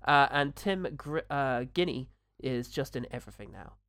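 A man in a dry, close recording co-hosts a film podcast. He chats agreeably and reads a listener's note aloud at an even pitch. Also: normal speed, no echo. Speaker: podcast co-host. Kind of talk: casual film review chat.

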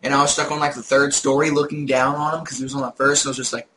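A young man in casual conversation, his voice bright and forward, swinging into lively storytelling about games and laughing easily. There is a faint hiss under the recording. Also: mid-range voice, racing, rough recording. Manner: animated storyteller, laughs often. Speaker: podcast co-host. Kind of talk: casual gaming chat.

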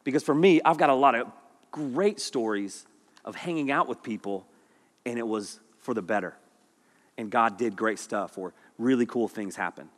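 A middle-aged man preaching and telling jokes as a youth pastor, full of animated stories. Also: mid-range voice, normal speed. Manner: animated, joking storyteller. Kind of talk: sermon. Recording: long hall reverb.

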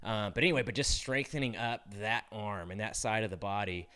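Guy coach chatting to parents, low voice, smooth and clear, laid back, lots of "you know, right?". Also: fairly quick. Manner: relaxed and conversational, full of "you know" and "right?". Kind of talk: casual advice talk.

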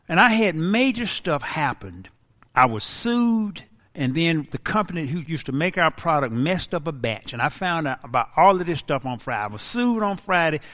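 A pastor in his sixties preaching a sermon, dramatic and animated, acting out wailing laments. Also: high-pitched. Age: 60s. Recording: long hall reverb.

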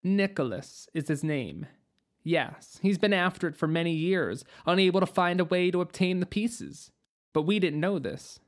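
A narrator voicing a guarded young female witch who speaks softly and pointedly. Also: fairly low pitch, lively intonation, normal speed, lightly acted. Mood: somber.

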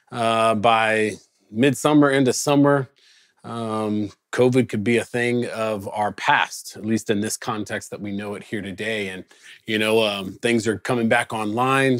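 A man's voice: medium pitch, no echo, clean studio sound. A male pastor giving a conversational sermon, telling stories and acting out quotes. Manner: conversational, animated storytelling with acted quotes. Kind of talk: casual sermon. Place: recorded away from the congregation during lockdown.

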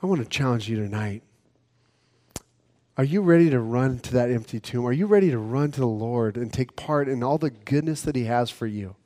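A man preaching an evening sermon in a casual storytelling way, acting out quotes and dropping from lively to hushed. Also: medium pitch, a little fast, big-room sound. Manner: swings from lively to soft and hushed.

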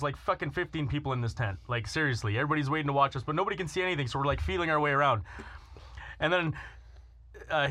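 A man spins a rowdy, profane podcast story, laughing as he goes. His voice sits high and bright, with a sharp edge to it. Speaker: podcast co-host telling a story. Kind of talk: crude casual storytelling.

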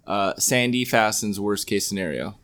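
A man co-hosting a podcast in casual chat, often halting and restarting his sentences. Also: on the low side, lively intonation, fairly bright tone. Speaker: podcast co-host.

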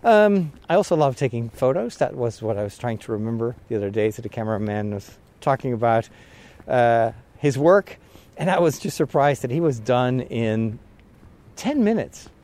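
A man's voice: mid-range voice, lively intonation, moderate pace, a little mellow. A man talking casually on a walking vlog, rambling and chatty with frequent laughs, a little out of breath from walking outdoors. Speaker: vlogger. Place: outdoors on a walk.

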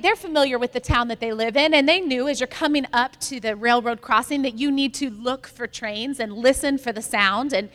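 A woman pastor with a high voice preaches a sermon, moving from storytelling into emphatic, repeated lines. Her voice rings out with the long reverb of a large hall. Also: a bit bright.

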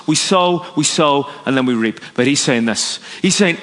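Fervent preacher in a long-reverb hall. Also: male voice, lively intonation, normal speed, hardly any pauses. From Northern Ireland. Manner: dynamic preaching, drops low and soft for emphasis, rises for acted quotes. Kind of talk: sermon. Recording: echoey hall recording.

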